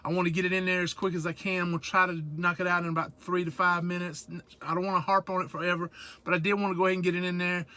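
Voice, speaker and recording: A truck-driving vlogger with a Southern accent, hailing from South Georgia / North Florida in the USA, rambles and jokes from inside his cab. He talks fast in a high, sharp voice that barely moves in pitch.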